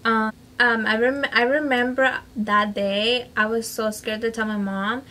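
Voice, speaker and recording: A chatty woman with a slightly raised pitch tells a personal story straight to camera. Her casual talk is full of "like" and "you know", and she slips into Spanish phrases. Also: steady tone, unhurried, bright, forceful tone, slight background noise, low-quality recording. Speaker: vlogger.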